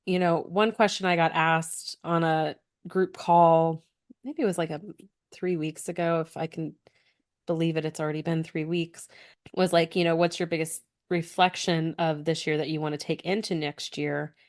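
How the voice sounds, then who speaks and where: A woman's voice: low voice, steady tone, moderate pace. A woman co-hosting a podcast in casual conversation, talking earnestly in long flowing stretches. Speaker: podcast co-host.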